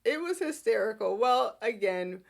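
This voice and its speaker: A woman hosting a podcast and recapping a soap opera in casual, animated chat with frequent giggles. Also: a little high, moderate pace, vocal fry. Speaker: podcast host.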